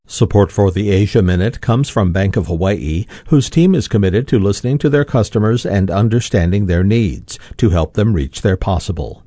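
A male radio announcer reads underwriting credits in a mellow, slightly low voice. The sound is dry and close to the mic. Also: animated, moderate pace, hardly any pauses, no room sound. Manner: smooth announcer read. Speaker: station announcer. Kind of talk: sponsor announcements.

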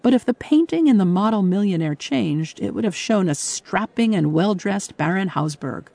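A woman's voice: mid-range voice, animated, moderate pace, gravelly, dark tone, no room sound. A woman hosting a literary radio program, delivering thoughtful scripted commentary from a studio. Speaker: radio show host. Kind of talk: scripted broadcast narration.

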